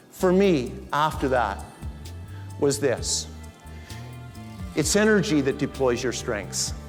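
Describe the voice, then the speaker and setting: A middle-aged man telling a story as a motivational keynote speaker and acting out the lines he quotes. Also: mid-range voice. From Canada. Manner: animated, acts out the lines he quotes. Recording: reverberant hall with faint music.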